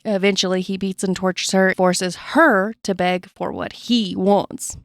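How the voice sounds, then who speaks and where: A woman's voice: mid-range voice, steady tone, a little slow, no room sound. A woman hosting a true crime podcast, reading a transcript aloud with blunt personal asides, in a dry recording. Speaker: podcast host.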